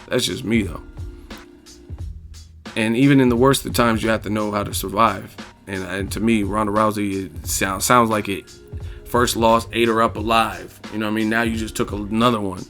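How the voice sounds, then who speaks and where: A man's voice: fairly low pitch, steady tone, moderate pace, fairly bright tone, faint music behind. A man vlogging his blunt, candid opinions in casual, slang-heavy talk, often adding "you know what I'm saying". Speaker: vlogger answering viewer questions.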